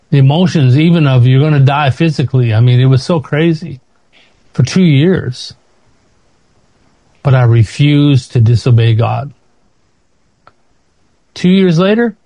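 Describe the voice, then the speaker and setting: Warm-voiced man preaching a sermon. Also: no echo. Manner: emotional testimony, voice rising high when pleading.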